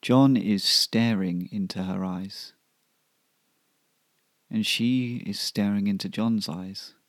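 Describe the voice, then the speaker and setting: Slow, gravelly male storyteller. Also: lowish voice, no echo. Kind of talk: comic serial story narration.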